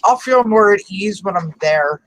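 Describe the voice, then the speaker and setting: A speaker from Pennsylvania telling a story with lively energy in a casual group chat. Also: medium pitch, moderate pace, soft background music, rough recording. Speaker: chat guest.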